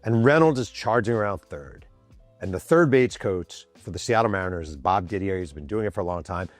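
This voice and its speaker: A man in his fifties with a lowish voice that swings widely as he spins a sports tale. He acts out every quote and curses casually. The sound is dry and close, with faint music behind him. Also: animated, brisk, dry recording. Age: 50s. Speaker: podcast host. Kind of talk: animated sports storytelling. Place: home office.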